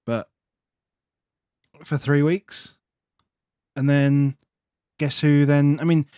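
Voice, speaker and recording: A man's voice: a little high, little pitch movement, drawn-out words, mellow, clean tone, dry recording. Man rattling off football picks, dry sound. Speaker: podcast co-host. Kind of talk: casual fantasy football podcast chat.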